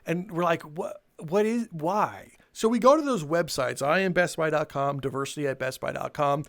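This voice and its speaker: A young man telling a casual story for his video channel, animated and swearing, laughing between lines and acting out what people said. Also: sits high. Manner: animated, swearing, laughs mid-sentence, acts out quotes. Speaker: storytelling YouTuber.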